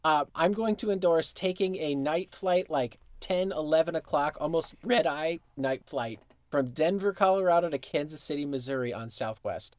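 Male co-host, easygoing and chatty, slightly higher voice, dry close mic. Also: normal speed, few pauses, no echo. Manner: laid-back, chatty, laughs easily. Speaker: podcast co-host. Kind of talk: casual chat.

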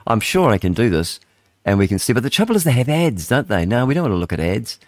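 A man's voice: medium pitch, big pitch swings, fast talker, no room sound, clean studio sound. Rambling New radio host, older man. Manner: rambling, chatty, thinks aloud. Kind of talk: casual radio chat, reading headlines aloud. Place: radio studio.

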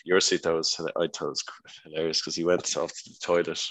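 A man's voice: low voice, level tone, a little fast, a bit bright, no echo. A man co-hosting a casual chat, telling stories animatedly with swearing and frequent laughter.

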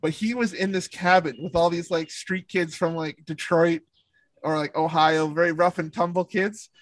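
A man's voice: fairly high pitch, fairly even intonation, normal speed, no echo. A man telling rambling stories in casual chat, full of filler words and swearing. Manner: rambling storyteller, heavy on "like" and swearing. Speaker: former camp counselor telling stories.

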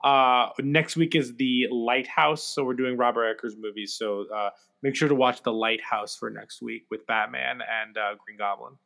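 A man's voice: mid-range voice, fairly even intonation, moderate pace, creaky, few pauses, bright, forceful tone. A man co-hosting a casual podcast chat, hesitant and full of fillers and restarts. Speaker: podcast co-host.

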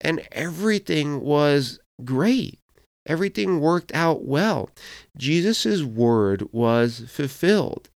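A man's voice: on the high side, expressive, slow, vocal fry, no echo, studio quality. A man, a pastor, giving a sermon, telling a personal story and acting out quoted voices as he goes.

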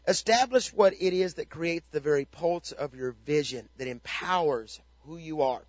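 A man's voice: a little high, moderate pace, dry recording, lo-fi sound. A man pastor giving a motivational ministry talk, emphatic and fond of repeated rhetorical questions.

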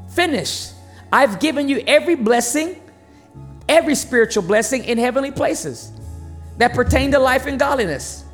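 A preacher giving a sermon in a conversational, emphatic way, with sudden swings between loud and soft. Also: medium pitch.

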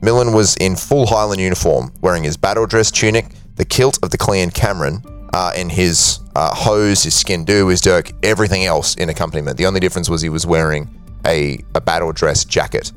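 A man's voice: low-pitched, a little fast, soft background music. A man hosting a podcast, telling a history story in a casual way with frequent fillers. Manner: steady narration with frequent uh fillers. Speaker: podcast host.

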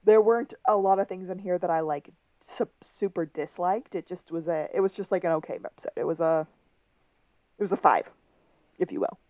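A woman's voice: fairly low pitch, a little mellow, no echo. Chatty woman podcast host, dry close sound. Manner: chatty, retells scenes with quick quoted lines. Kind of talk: casual episode recap chat.

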